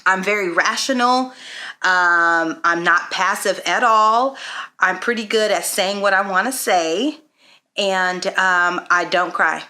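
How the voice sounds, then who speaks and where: A woman, a mother, telling a personal faith story to camera in an earnest, reflective way, pausing often with "um". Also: medium pitch, bright, forceful tone. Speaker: parenting vlogger. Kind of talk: personal testimony vlog.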